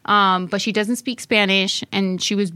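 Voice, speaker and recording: Young woman, Miami accent, animated storyteller, dry close sound. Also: medium pitch, normal speed, smooth, no echo. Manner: animated storyteller, acts out quotes. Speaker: podcast guest. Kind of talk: casual chat.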